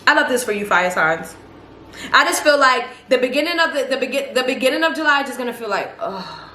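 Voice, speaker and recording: High-voiced woman reading tarot, echoey room. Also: fast talker. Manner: animated, repeats phrases for emphasis, talks straight to viewers. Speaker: tarot reader. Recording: echoey room with faint noise.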